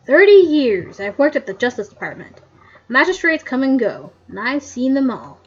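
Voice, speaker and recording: A woman's voice: sits high, big pitch swings, normal speed, slightly rough, dull audio, exaggerated voice. A woman playing a grumpy old coroner man. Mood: grumbling.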